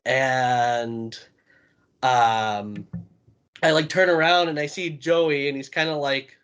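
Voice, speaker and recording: A man's voice: medium pitch, takes it slowly, fairly bright tone, clear, resonant tone. Man telling a casual, profane story. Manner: profane, laid-back anecdote telling.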